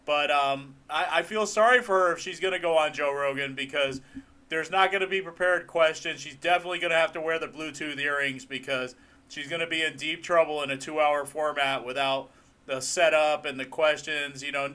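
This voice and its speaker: Talk show co-host: bright, slightly high male voice, casual. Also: steady tone, moderate pace. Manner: casual, opinionated, hesitant restarts. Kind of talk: political talk show chat.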